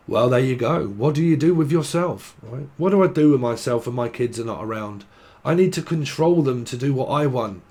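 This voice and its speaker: A man's voice: mid-range voice, brisk, a little mellow. A man giving a casual tarot reading, rambling and swearing, laughing often and mimicking imagined people. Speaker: tarot reader.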